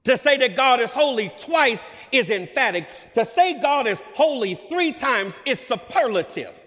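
An emphatic male preacher with a high voice, delivering a sermon that swells into loud, ringing declarations. The sound trails off in the long reverb of a large hall.

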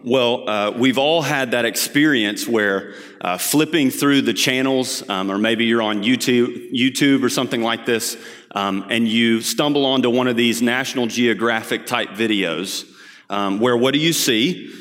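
A man's voice: medium pitch, unhurried, a bit bright, in a large hall. A man preaching a sermon, opening in prayer and then telling stories in an earnest, conversational way with frequent fillers. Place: church sanctuary.

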